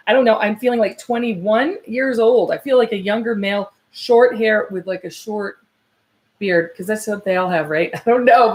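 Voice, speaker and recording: A psychic medium doing a live reading, her voice pitched on the high side, searches hesitantly through lots of fillers and restarts. When she relays messages, she grows soft and slow.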